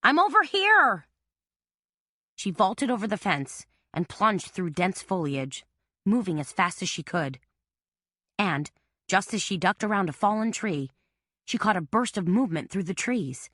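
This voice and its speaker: A woman narrating a mystery audiobook in a steady, tense storytelling manner. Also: on the low side, normal speed, dry recording, studio quality. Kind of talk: scripted narration.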